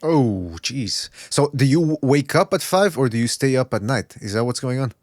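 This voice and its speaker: A man's voice: medium pitch, lively intonation, moderate pace, a little mellow, no room sound, studio quality. Joking, profane podcast host man. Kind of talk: casual podcast banter.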